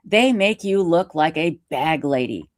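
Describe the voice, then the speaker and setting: A woman live streamer telling a story in casual interview chat, animated and self-mocking, laughing often. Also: low-pitched, measured pace, no room sound, clean studio sound. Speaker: YouTube live streamer reading a letter.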